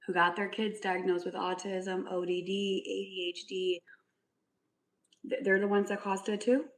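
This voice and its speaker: Gravelly-voiced woman, sarcastic streamer. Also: medium pitch, poor audio. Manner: sarcastic and mock-sweet. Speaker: livestreamer with a son. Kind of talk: casual livestream chat answering comments.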